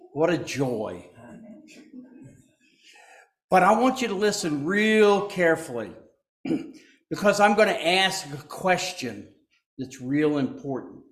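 Pastor guy giving a sermon, slow and folksy, cracks little jokes, echoey church. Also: fairly high pitch. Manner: folksy, joking asides to the congregation. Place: church sanctuary.

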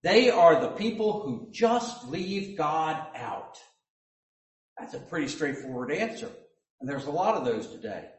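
Slow-preaching man in an echoey hall. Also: mid-range voice. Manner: slow, deliberate preaching with joking asides. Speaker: pastor. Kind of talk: sermon. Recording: echoey hall, mic at a distance.

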